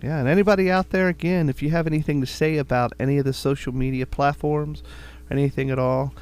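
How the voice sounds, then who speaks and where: A man's voice: a little high, fairly even intonation, quick pace, a little mellow, clean tone. Man, middle-aged, podcast co-host, casual chat, rambling, repeats himself. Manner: easygoing, rambling, repeats words.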